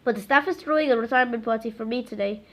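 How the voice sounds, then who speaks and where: Lady reading as a cranky strict old schoolteacher, snaps orders, kinda high voice. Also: very fast, lightly acted. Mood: bossy. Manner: snapping, harsh commands. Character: strict grumpy older female teacher.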